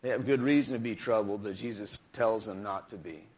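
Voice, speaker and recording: A man's voice: on the low side, fairly quick, darkish tone, husky. A man preaching a conversational sermon, often restarting phrases and asking the congregation questions.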